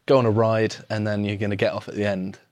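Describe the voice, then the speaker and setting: A man talking in casual podcast chat, unhurried and a little halting. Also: on the low side, flat delivery, a little mellow, dry recording.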